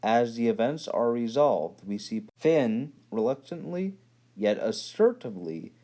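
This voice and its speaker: A man's voice: medium pitch, animated, dark tone. A man earnestly narrating his own rewrite of a story scene by scene. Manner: earnest, fast storytelling with sudden emphasis. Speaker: fan storyteller.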